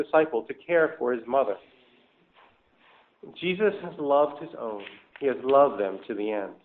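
A man preaching a sermon, laying out numbered points and explaining each one, lifting his voice when he stresses a point. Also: a little high. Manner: structured, explanatory, rises for emphasis. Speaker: pastor. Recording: tinny phone-like audio.

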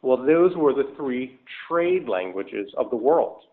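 A man's voice: medium pitch, very animated, slow. A man preaching a sermon, laying out numbered points and explaining each one, lifting his voice when he stresses a point. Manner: structured, explanatory, rises for emphasis. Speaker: pastor. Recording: tinny phone-like audio.

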